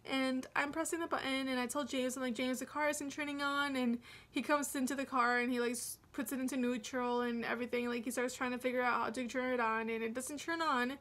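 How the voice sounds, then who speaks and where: High-voiced young woman telling a story. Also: steady tone, fast, fairly bright tone. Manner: chatty, rambling with restarts. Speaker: vlogger. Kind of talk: storytime vlog narration.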